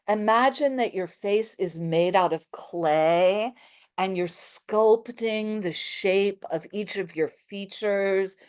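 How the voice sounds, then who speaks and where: A woman theatre teacher leading a workshop, calling out crisp exaggerated articulation drills for the group to repeat. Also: medium pitch, darkish tone. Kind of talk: workshop instruction with call and response.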